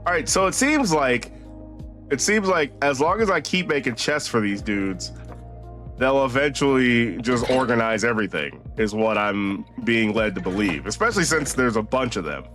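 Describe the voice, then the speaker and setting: A man's voice: medium pitch, lively intonation, moderate pace, fairly bright tone, soft background music. A tired man giving casual, rambling commentary while he streams a game, laughing often and swearing.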